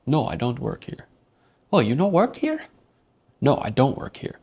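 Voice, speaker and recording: A man putting on a high, indignant voice for an arrogant rich diner who swears and brags about his tailored clothes. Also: huge pitch swings, measured pace, a little mellow, breathy edge, exaggerated voice. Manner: shrill, indignant, profane. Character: haughty rich man, puffed-up and insulting.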